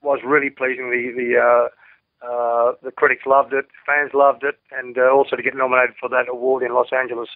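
A sixty-something Australian rock singer chats in an interview by phone, the line dry and tinny with no echo. He talks fairly quickly in a level, mid-range voice, relaxed and meandering, full of fillers and false starts.

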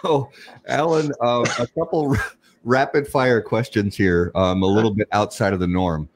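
A man's voice: on the low side, fairly even intonation, moderate pace. A man hosting a casual podcast, asking guests questions and cracking dry sarcastic jokes. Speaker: podcast host. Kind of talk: casual chat, interviewing.

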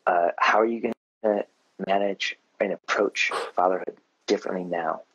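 Husky low-voiced male podcast host. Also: moderate pace, no room sound, muffled recording. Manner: relaxed storytelling with many fillers. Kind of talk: casual interview chat.

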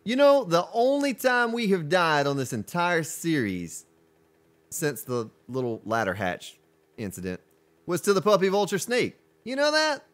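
A man with a deep voice streaming a survival game, chatting casually and greeting viewers from chat. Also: very animated, a little slow, a bit bright. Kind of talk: casual live-stream commentary.

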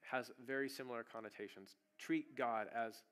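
A male pastor preaching a sermon in a church, telling the story casually and then breaking into sudden loud bursts. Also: medium pitch, fairly even intonation, normal speed. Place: church sanctuary.

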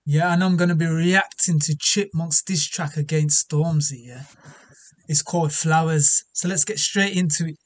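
Excitable high-voiced man. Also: slight background noise. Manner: excitable, slangy, quick bursts of exclamation. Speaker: reaction video host. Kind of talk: casual music reaction commentary.

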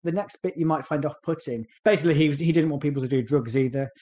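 Reading off his notes, a man co-hosting a laid-back comedy podcast keeps things jokey and sarcastic. His voice is on the higher side and warm, and he breaks into silly voices for quick bits.

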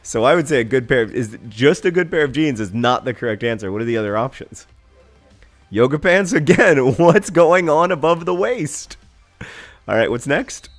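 A man in his thirties hosting a casual gameplay video, rambling through asides and breaking into excited shouted commentary. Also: fairly high pitch. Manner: excitable, bursts into shouted mock-epic commentary and chants; rambling, self-deprecating asides. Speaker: gaming video host.

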